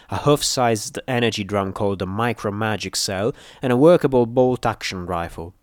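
A man reading fiction aloud in a steady, measured storytelling voice, close to the mic. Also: sits low, dry recording. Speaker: audiobook narrator. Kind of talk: scripted fiction narration.

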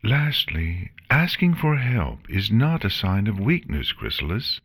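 A man voicing a calm, gentle royal princess who lectures kindly in a fan storybook reading. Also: lowish voice, measured pace, breathy edge, voice pushed up, exaggerated voice.

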